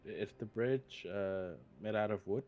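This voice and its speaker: A man's voice: fairly low pitch, normal speed, darkish tone, faint music behind. A man playing a tabletop game, asking short questions in casual chat. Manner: short questions, laughs easily. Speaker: player.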